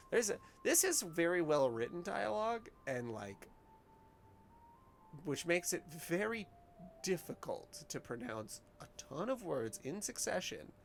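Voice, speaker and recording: A man's voice: high-pitched, very animated, measured pace, gravelly. A man streaming a game, talking casually and rambling, self-deprecating and full of fillers, with game music behind. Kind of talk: casual gameplay commentary.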